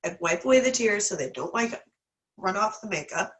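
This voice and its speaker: A woman's voice: medium pitch, animated, moderate pace, poor audio. A woman leads a casual online class with a candid, self-deprecating manner. She rambles into asides as she goes. She sounds a little teary, her nose stuffed up. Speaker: class teacher.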